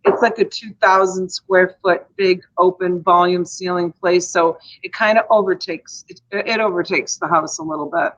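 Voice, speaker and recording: A woman's voice: fairly low pitch, fairly even intonation, normal speed, hardly any pauses, a bit bright. A woman in her forties with a Boston accent, hosting a casual chat in a rambling, talkative way that breaks into easy laughter. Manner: chatty, rambling, laughs easily. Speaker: host. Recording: dull lo-fi sound.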